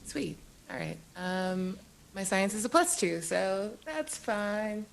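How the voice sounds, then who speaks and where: A woman's voice: medium pitch, lively intonation, slow, gravelly, a little hiss or hum, poor audio. A woman playing a tabletop game, playful and joking. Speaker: player. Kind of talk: casual tabletop play.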